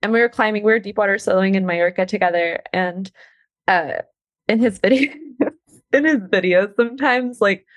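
Guest: young woman, bubbly and giggly, mid-pitched voice, dry close sound. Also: normal speed, dry recording. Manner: bubbly, laughs often, many fillers. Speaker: professional climber, guest. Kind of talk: casual podcast interview.

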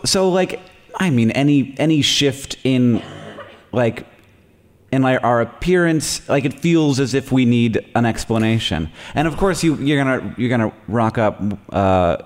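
A man's voice: medium pitch, expressive, a little slow, long reverb tail. A man in his forties hosting a live podcast on stage, telling rambling jokey stories and laughing often. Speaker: podcast host. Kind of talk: casual live podcast chat.

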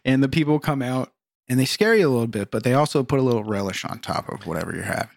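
A man's voice: medium pitch, lively intonation, fast talker, vocal fry, no echo. A man co-hosting a casual podcast, dropping dry quips and laughing easily. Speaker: podcast co-host.

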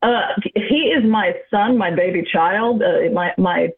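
A woman's voice: mid-range voice, a little slow, a little hiss or hum. A woman calling in to a podcast, chatting casually and laughing at herself as she talks. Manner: laughing, self-deprecating. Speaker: caller. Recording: tinny phone line.

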